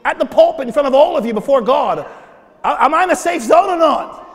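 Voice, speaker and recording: A pastor delivers a sermon from the pulpit, stumbling over repeated words before bursting into shouted prayers. His voice sits very high for a man. The sound trails off in the long reverb of a big church hall. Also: lively intonation, fairly quick.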